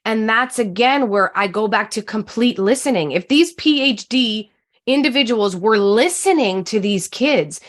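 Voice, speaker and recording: Passionate woman coach, fairly high voice. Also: lively intonation, a little slow. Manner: passionate, emphatic. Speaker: guest, communication coach. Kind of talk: interview conversation.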